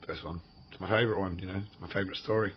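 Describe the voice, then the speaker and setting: A man's voice: low-pitched, steady tone, very fast, a little hiss or hum. An Australian man telling a personal story in a casual, rambling, profane way, full of fillers and restarts. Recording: dull lo-fi recording.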